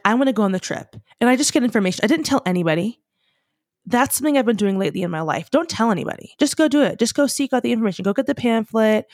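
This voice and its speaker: A woman's voice: mid-range voice, gravelly, darkish tone, no room sound, clean studio sound. A young woman telling her own story to viewers in a chatty, rambling way, full of "like" fillers. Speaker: vlogger, fashion student.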